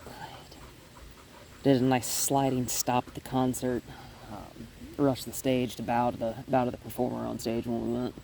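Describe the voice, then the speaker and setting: A man working as a dog trainer outdoors on a driveway, explaining his steps while softly praising the dog. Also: mid-range voice, flat delivery, moderate pace, gravelly, a little hiss or hum. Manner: gentle, coaxing praise to a dog between explanations. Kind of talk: casual training vlog.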